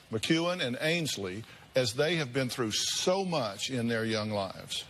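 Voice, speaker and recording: A man hosting a talk show, speaking in a measured, direct way. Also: medium pitch, fairly bright tone. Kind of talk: talk show narration and address.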